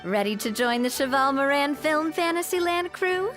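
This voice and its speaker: A woman's voice: sits high, expressive, normal speed, fairly bright tone, faint music behind. A woman voicing a cheerful, friendly young female recruiter for a film crew, in video game voice acting. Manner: friendly, upbeat.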